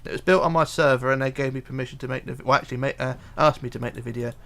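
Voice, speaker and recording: Very fast and fairly bright, this man's mid-range voice holds a steady tone. He's building on a casual live stream, reading viewer comments out loud and muttering to himself with hesitant fillers.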